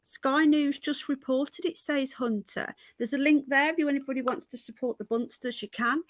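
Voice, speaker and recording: A middle-aged woman with a British accent chats through news stories on her livestream and keeps breaking off to greet viewers by name. Her voice sits a little high, and it is recorded close and dry, with no room sound. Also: steady tone, moderate pace, no echo. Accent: British English. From Britain. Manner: chatty, rambling, greets viewers mid-sentence. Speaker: livestream host. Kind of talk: casual livestream chat reading news.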